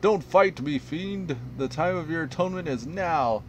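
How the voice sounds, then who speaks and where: A man's voice: mid-range voice, expressive, unhurried, a little hiss or hum. A man voicing a zealous male holy inquisitor, reading threats in a theatrical, menacing, sermon-like way. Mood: fierce.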